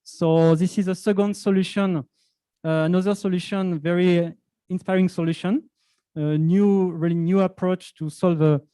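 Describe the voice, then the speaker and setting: A man moderates a live startup pitch session, introducing the finalists and keeping time. His voice sits high but sounds mellow, with a dry, close sound. He talks loosely and rambles between thoughts. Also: steady tone, normal speed, clear, resonant tone, dry recording. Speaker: event moderator. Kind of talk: live event hosting.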